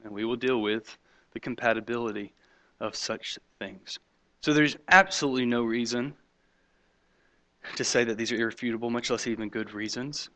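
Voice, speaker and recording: A man preaching a sermon, swinging between loud emphatic points and quiet hushed asides, mocking skeptics in quoted voices. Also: mid-range voice, fairly even intonation, moderate pace, long pauses. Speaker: pastor.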